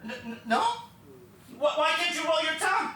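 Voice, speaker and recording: A cruel, sneering stepmother, as a man puts her on in a one-man stage show, her voice pitched high and swinging wildly as she taunts and builds to shouting. It is heard in a roomy theatre from a distance, with faint noise under it. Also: lively intonation, normal speed, heavily acted. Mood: taunting. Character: cruel mocking stepmother, adult woman.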